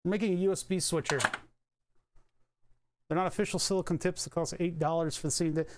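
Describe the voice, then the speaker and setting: A man's voice: on the high side, fairly even intonation, brisk, background noise. A man chatting casually on a live stream while soldering at his electronics bench, rambling and thinking aloud with offhand swearing. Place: home electronics workbench.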